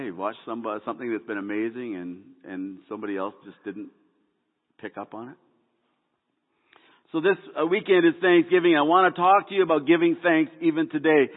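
A man preaching a sermon, opening with folksy jokes and stumbling through restarts and fillers. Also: medium pitch. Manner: folksy joke-telling with frequent ums and restarts. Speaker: pastor. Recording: echoey hall over a tinny phone-like line.

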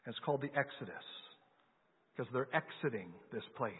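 A man's voice: mid-range voice, a little fast, breathy edge. A man preaching a sermon, telling a Bible story in a conversational way and asking his listeners questions. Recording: lo-fi phone-like sound with long hall reverb.

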